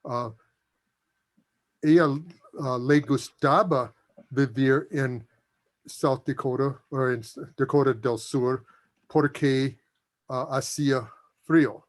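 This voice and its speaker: Halting male student retelling a story. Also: mid-range voice, fairly even intonation. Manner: halting, self-correcting. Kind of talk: answering in a language class.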